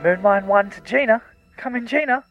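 A man voicing a frightened male miner hiding on the moon in a radio comedy sketch, talking in a hushed, nervous way. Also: high voice, moderate pace, lo-fi sound, over music. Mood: urgent.

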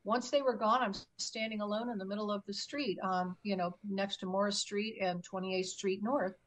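An older woman who says she experienced a UFO tells her story vividly as an interview guest, animatedly acting out what people said. Her mid-range voice moves at normal speed, and the recording is rough.

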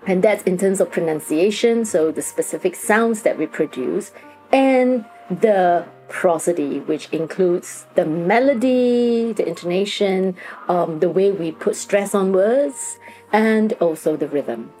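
Mellow-voiced Singaporean woman professor. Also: medium pitch, lively intonation, unhurried, soft background music, poor audio. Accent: Singaporean English. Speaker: linguistics professor. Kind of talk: interview, expert explanation.

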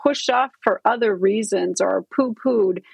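A middle-aged woman doctor with a husky, slightly breathy voice, speaking earnestly as a podcast guest. She explains medical points plainly and walks through patient stories. Her voice sounds close and dry, with no room around it. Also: medium pitch, a little slow, darkish tone, dry recording, rough recording. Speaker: gynecologist guest. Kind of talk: interview storytelling.

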